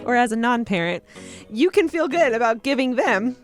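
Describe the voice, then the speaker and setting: A woman's voice: on the high side, expressive, moderate pace, faint music behind. A young adult woman co-hosting a podcast, bubbly and laughing, hamming up ad reads. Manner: bubbly, laughs a lot, hammy ad read. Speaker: podcast co-host. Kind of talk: casual chat reading ads.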